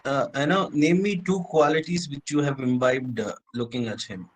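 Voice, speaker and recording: A man's voice: medium pitch, moderate pace, poor audio. A man interviewing a student, asking questions in loose, hesitant phrasing.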